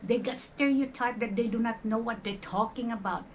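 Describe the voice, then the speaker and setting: A fairly high-pitched woman talks at normal speed on a low-quality recording with a little background noise. She's an older woman from the Philippines, a retired nurse who vlogs, speaking casually to camera with a Filipino accent and frequently asking "okay?".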